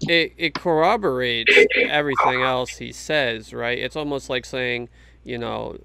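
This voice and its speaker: A man's voice: medium pitch, measured pace, creaky, very noisy. A man talking casually and earnestly about his faith, emphatic and full of restarts. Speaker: Christian guest in a faith discussion. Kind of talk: casual conversation.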